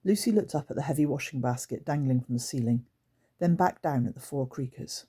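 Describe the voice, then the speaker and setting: A woman narrating a children's book aloud in an expressive storytelling manner. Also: a bass voice, a little fast, breathy edge. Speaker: audiobook narrator.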